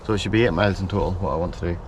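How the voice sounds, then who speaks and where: Casual low-voiced man thinking aloud. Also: racing, a little hiss or hum. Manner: rambling, thinks aloud, self-correcting. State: out of breath while running. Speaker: running vlogger. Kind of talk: casual self-filmed vlog. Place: outdoors, in a park. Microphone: handheld camera mic.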